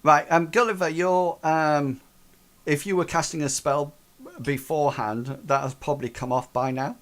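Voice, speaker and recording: A man's voice: fairly high pitch, fairly even intonation, moderate pace, fairly bright tone. A man narrating as game master, with loose rambling phrasing and many fillers.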